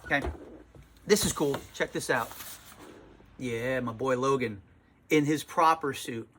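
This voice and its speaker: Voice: mid-range voice, unhurried, a bit bright. Tired shop owner ranting casually, sarcastic and worn out, swears a lot, talking in a small store. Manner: exasperated, sarcastic, swears freely. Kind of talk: casual vlog monologue. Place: small comic shop, indoors.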